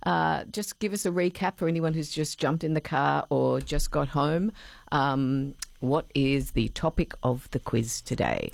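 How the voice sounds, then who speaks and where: A woman's voice: low-pitched, vocal fry, no echo. A woman with an Australian accent hosting a local radio show, chatting casually and playfully with colleagues. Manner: chatty, playful, drawn-out filler sounds. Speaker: radio host.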